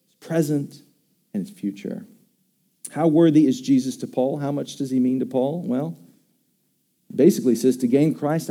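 A man's voice: mid-range voice, warm tone. A man preaching a sermon on scripture, talking with emphasis and asking his listeners questions. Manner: conversational, emphatic, asks the congregation questions. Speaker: pastor.

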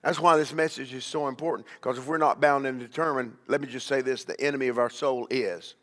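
A man's voice: medium pitch, steady tone, fairly quick, a bit bright, big-room sound. A man preaching as a bishop, emphatic, with call-and-response and repeated questions to the congregation. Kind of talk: sermon.

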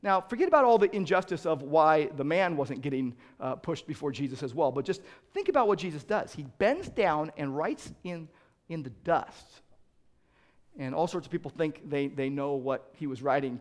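Male pastor, high-pitched voice, earnest sermon delivery with loud emphatic climbs. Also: very animated, moderate pace. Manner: earnest preaching that rises to loud emphatic peaks; repeats words as he restarts.

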